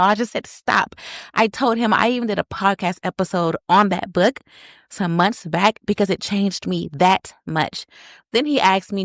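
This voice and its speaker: Animated woman podcast host telling a story. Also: fairly low pitch, no echo, clean studio sound. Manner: animated, addresses listeners as y'all.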